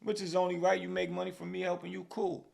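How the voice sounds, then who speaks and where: A man with a New York accent hosting a podcast, giving casual, animated commentary and often tacking "man" or "bro" onto his lines. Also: high-pitched, quick pace, creaky. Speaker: podcast host.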